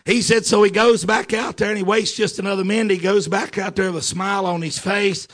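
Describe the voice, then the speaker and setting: A man preaching a sermon as a story, peppering it with amen and repeating lines as he builds to fervent shouts. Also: high-pitched, fairly even intonation, brisk. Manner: punctuates phrases with amen.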